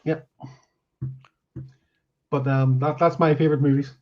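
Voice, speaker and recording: Higher-voiced man on a dull line. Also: level tone, a little slow. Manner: brief agreeing interjections, prompts others. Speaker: podcast host. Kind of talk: casual chat. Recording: dull lo-fi sound.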